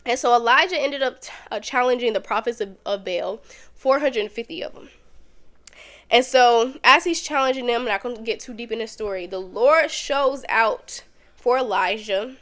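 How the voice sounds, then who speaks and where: Woman giving an animated Bible talk. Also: on the high side, normal speed. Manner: conversational, animated storytelling. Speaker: podcast host teaching Bible study. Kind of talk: casual Bible teaching.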